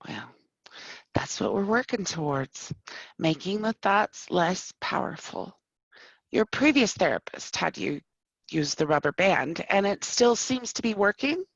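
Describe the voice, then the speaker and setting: A calm, patient therapist speaks in a measured, soothing way, read by a woman. The voice is husky. The recording sounds dull and dry. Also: medium pitch, dry recording. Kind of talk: live play reading.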